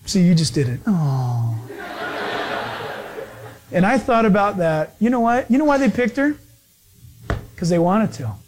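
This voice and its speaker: A man with a notably high voice preaches in a relaxed, conversational way. He leans on everyday stories and acts out the people in them with animation. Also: normal speed, slight background noise. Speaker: pastor. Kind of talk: conversational sermon with storytelling.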